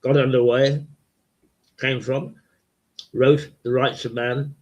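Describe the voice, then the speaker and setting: This older local TV host wanders through a casual webcast monologue in a croaky, gravelly voice, speaking slowly and haltingly, repeating himself and leaning on fillers. His voice is mid-range with little movement in pitch, and the lo-fi audio sounds dull.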